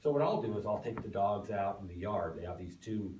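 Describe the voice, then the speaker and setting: A man's voice: lowish voice, lively intonation, fairly quick, darkish tone, a little hiss or hum. A man giving a folksy, storytelling speech to a club, recorded from a distance in a meeting room. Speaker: club speaker. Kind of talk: prepared speech. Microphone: distant room mic. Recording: echoey room from far off.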